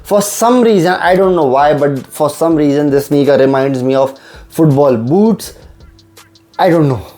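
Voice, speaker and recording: A man's voice: a little high, a little slow, mellow, faint music behind. A young man, eagerly unboxing and reviewing sneakers and often repeating how much he loves them. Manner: enthusiastic, repeats "I just love".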